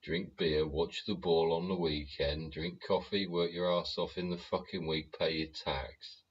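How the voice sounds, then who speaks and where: A man's voice: low voice, flat delivery, a little slow, breathy edge, dull audio. A British man hosting a show, ranting profanely in a rambling way and talking back to his chat. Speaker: show host. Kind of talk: ranting livestream commentary.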